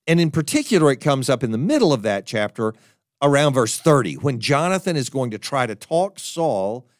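A man preaching a sermon, emphatic and animated, often stumbling and restarting his words. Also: medium pitch, normal speed, no echo, clean studio sound. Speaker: pastor.

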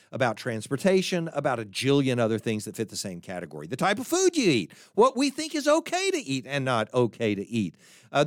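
A man's voice: fairly high pitch, dry recording, studio quality. A man hosting a talk show, explaining ideas in a thoughtful lecture style, often restarting and correcting himself. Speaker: podcast host.

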